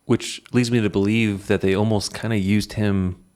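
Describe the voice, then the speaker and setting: Man, podcast host, low deep voice, reflective, thinks aloud, conversational interview. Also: level tone, normal speed, a little mellow, smooth.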